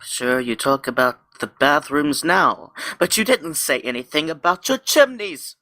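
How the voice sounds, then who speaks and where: A man voicing a snooty, haughty wealthy gentleman with a vague foreign accent. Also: a little high, expressive, no room sound. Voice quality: haughty, drawn-out. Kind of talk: improvised comedy role-play.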